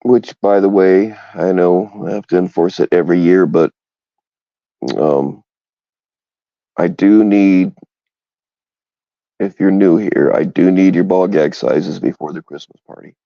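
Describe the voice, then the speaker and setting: A man's voice: sits low, a little slow, vocal fry, long pauses, dry recording, muffled recording. A man co-hosting a crude casual chat, rambling and frank, and he laughs often.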